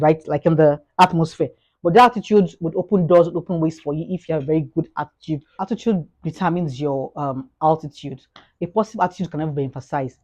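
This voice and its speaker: A Nigerian woman with a Nigerian accent giving a casual motivational monologue on her vlog, repeating herself and acting out little scenes. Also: lowish voice. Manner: repetitive, fast, grows animated with acted-out anecdotes. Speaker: vlogger.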